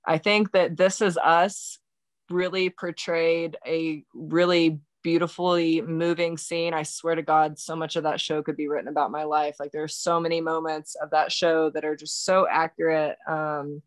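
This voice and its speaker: Woman on a podcast telling her story, lots of likes and restarts, flat monotone, dry close sound. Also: low voice, dry recording. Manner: halting, filler-heavy, many restarts. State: recounting shock and grief. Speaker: podcast guest; birth worker. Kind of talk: emotional personal storytelling.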